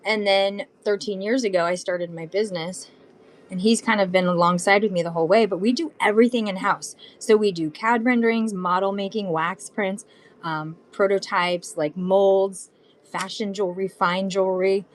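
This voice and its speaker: A woman's voice: mid-range voice, fairly even intonation, normal speed. A bubbly, chatty woman from Southern California, in her thirties, hosting a live shopping stream. She talks straight to her viewers in a loose, friendly flow and holds items up as she goes. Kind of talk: casual live-stream selling chat.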